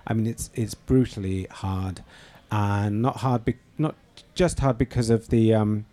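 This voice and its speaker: A middle-aged man with a lowish, mellow voice answers interview questions. He thinks aloud, circling back with ums and restarts as he finds his words. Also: steady tone, a little slow. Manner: thoughtful, hesitant with many fillers and restarts. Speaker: novelist and screenwriter.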